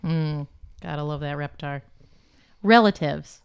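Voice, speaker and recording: A woman's voice: low-pitched, unhurried, vocal fry, smooth. A woman co-hosting a casual group chat, leading a word game with short prompts and frequent laughter.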